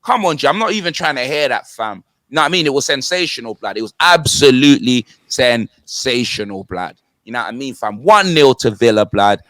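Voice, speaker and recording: A man's voice: mid-range voice, animated, fairly quick, few pauses, fairly bright tone, no room sound, clean studio sound. A young man with a London accent hosting comedic football banter, rattling off slang and sing-song punchlines.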